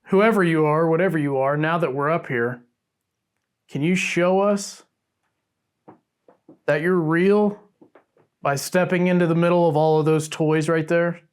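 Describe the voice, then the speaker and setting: A man calling out to a spirit in an upstairs room of an old house at night, making slow, coaxing requests. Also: fairly high pitch, clear, resonant tone. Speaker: paranormal investigator co-host.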